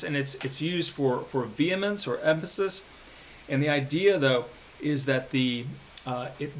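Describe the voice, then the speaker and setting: Man lecturing on poetry, halting. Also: medium pitch, a little hiss or hum. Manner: thinking aloud with frequent fillers and restarts; explanatory, patient lecturing. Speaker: literature teacher. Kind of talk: recorded lecture annotating a poem.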